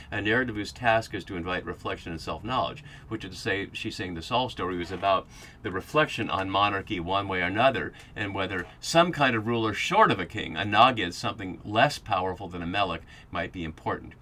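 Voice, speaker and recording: A man's voice: fairly low pitch, sharp tone. A man hosting a podcast, giving a Bible study lecture that explains passages and thinks aloud as he goes. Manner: thinking aloud with fillers and restarts.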